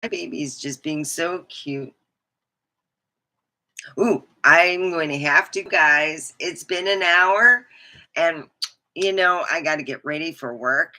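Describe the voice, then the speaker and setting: A woman's voice: deep voice, slow pace, pauses often, bright, forceful tone. A woman hosting her own livestream, chatting in a rambling, frank way and swearing casually. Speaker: host.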